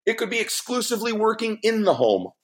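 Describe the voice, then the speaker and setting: A middle-aged man speaking as a guest on a podcast, telling a personal story in an earnest, emphatic way with big swings in pitch. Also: sing-song, fast. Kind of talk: heartfelt podcast conversation.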